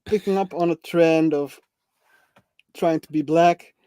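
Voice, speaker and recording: A man's voice: on the high side, steady tone, unhurried, dark tone, smooth, no room sound. A man co-hosting a casual live chat, easygoing, chuckling and agreeing a lot. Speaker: co-host.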